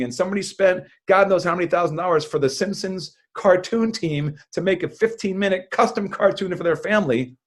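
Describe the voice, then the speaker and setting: A man, a magician, talking in a lively podcast interview, with loud bursts of enthusiasm and frequent laughter. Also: high voice. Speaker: magician guest.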